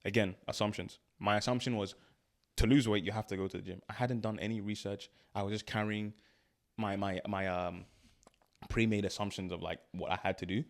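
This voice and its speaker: A man's voice: on the low side, a little fast. A young man, a guest on an interview show, telling his story in casual chat, laughing often and acting out what people said. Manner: animated storytelling, laughs often, acts out quotes. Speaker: guest, spoken word artist.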